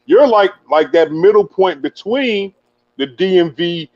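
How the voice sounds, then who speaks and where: A man's voice: high-pitched, lively intonation, unhurried, darkish tone, no echo, lo-fi sound. A man hosting a casual sports talk show, hyped and slangy, laughing easily. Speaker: host.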